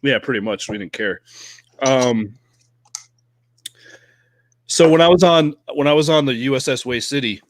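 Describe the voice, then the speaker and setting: A man co-hosting a casual podcast, telling Navy stories in a profane, animated way and acting out shouted quotes. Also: mid-range voice, a little slow, pauses often, no echo. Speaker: podcast co-host, Navy veteran. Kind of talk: casual storytelling chat.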